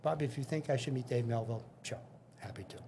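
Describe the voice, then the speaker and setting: Older male interview guest: a chatty storyteller who quotes dialogue and restarts sentences, medium-pitched voice, faint hiss in the background. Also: fast talker, mellow. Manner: anecdotal, acts out dialogue, frequent restarts. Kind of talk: casual storytelling.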